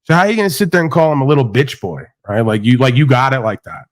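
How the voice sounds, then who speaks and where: A man's voice: medium pitch, sing-song, fast talker. A man hosting a live stream, talking in a boastful, rambling, mocking way in crude casual banter.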